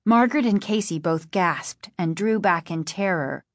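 A woman reading a spooky chapter book aloud in measured, dramatic scripted narration. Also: on the low side, no echo, clean studio sound. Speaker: audiobook narrator.

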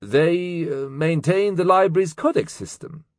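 A man's voice: a little high, measured pace, no room sound, clean studio sound, pitched above the performer's own voice, lightly acted. A man voicing an eager, bookish young male student in an audiobook, earnest in manner. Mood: hesitant. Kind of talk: audiobook character voice.

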